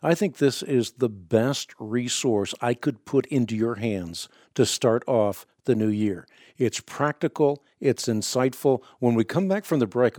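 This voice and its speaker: A man's voice: medium pitch, a little mellow. Earnest, emphatic male radio host. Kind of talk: radio interview and promo reading.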